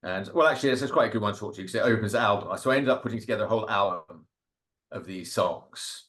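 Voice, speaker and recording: Rambling, low-voiced man cartoonist. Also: fast, fairly bright tone. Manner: rambling, full of fillers and self-deprecating laughs. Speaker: guest speaker, cartoonist. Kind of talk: casual talk over slides.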